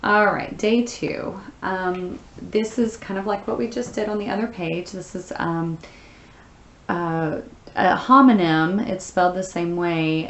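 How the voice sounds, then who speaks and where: Reading a story aloud before working through the answers, this woman teacher speaks in a fairly low voice. She takes things one step at a time with patient explanations and frequent filler pauses, while the room around her echoes noticeably.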